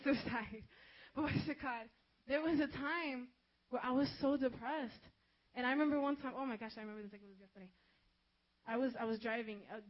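High-voiced woman giving a testimony. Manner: conversational, frequent "you know" asides. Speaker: speaker giving a personal testimony. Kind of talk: personal testimony talk. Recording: dull lo-fi recording.

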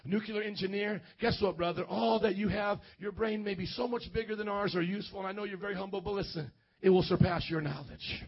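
A man with a very high voice preaches a charismatic sermon, turning from hushed passages to shouted bursts and asking the crowd to repeat after him. The recording sounds dull and lo-fi. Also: steady tone, a little fast, hardly any pauses, breathy edge. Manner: fervent, swings between shouting and quiet, call-and-response. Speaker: pastor.

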